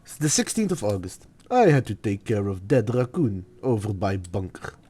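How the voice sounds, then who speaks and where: A man's voice: on the low side, big pitch swings, moderate pace, mellow, slightly rough, pitched below the performer's own voice. A man voicing a grumpy handyman reading his diary, with a put-on Russian accent and clipped, broken sentences. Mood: grumbling.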